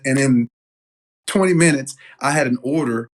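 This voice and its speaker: A man, a business owner telling stories as an interview guest in a casual, animated way with lots of fillers and restarts. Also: medium pitch, normal speed. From Knoxville, Tennessee.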